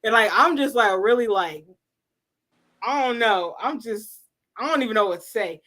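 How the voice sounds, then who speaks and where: A woman hosting a casual livestream, telling a story in an animated, laughing way and acting out what people said. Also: on the high side, moderate pace. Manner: animated, laughing storyteller who acts out quotes. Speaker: livestream host.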